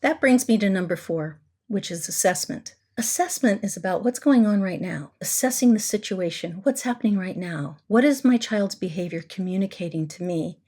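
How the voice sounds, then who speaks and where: Woman, middle-aged, parenting therapist, solo podcast, calm, coaching, repetitive emphasis. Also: medium pitch, normal speed, few pauses. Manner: calm, coaching, repeats key words for emphasis.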